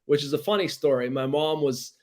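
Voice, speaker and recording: A man from Pittsburgh co-hosting a casual podcast as a baseball journalist, talking in an animated, rambling way with frequent restarts. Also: a little high, brisk.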